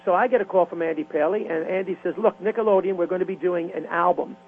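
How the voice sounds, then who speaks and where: An older man, a veteran radio disc jockey telling stories in an interview with lively, rhyming patter. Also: high-pitched, fast talker. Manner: animated rhythmic storytelling, rhyming patter. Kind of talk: storytelling interview. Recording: tinny phone line with faint hum.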